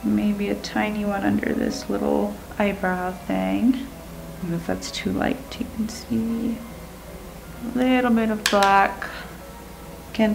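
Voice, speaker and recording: A woman explaining a makeup look step by step in a calm talk-through while she works, sometimes dropping to a whisper. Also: mid-range voice, gravelly, noisy background. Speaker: makeup tutorial host.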